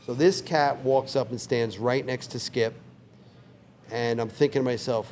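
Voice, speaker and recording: A man in his sixties, a longtime bar owner, telling a story in a relaxed, vivid way on a couch in his bar. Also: mid-range voice, moderate pace, slight background noise. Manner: relaxed, vivid anecdote teller who acts out quoted lines. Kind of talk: casual storytelling interview.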